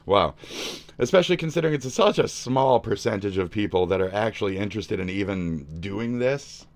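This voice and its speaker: A man from the United States, a streamer, ranting angrily in a profane, insulting way and often yelling. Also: on the low side, expressive, a little fast. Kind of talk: angry reaction rant.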